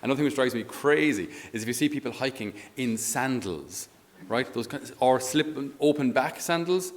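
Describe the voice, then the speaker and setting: An Irish man speaking as a priest in a conversational homily. He is a lively storyteller who often chuckles as he talks. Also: mid-range voice, moderate pace. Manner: animated storyteller, chuckles while talking.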